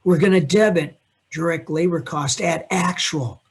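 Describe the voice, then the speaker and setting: A man teaching accounting to a classroom, with a husky, slightly high voice. He lectures in an animated, teasing way, quizzing students by name as he goes. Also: a little slow. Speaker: accounting instructor.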